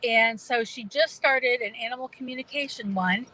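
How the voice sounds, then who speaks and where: A woman's voice: fairly high pitch, moderate pace, sharp tone, low-quality recording. A middle-aged woman with a New England accent, chatting casually as a guest, with lots of fillers and restarts. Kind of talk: casual video chat.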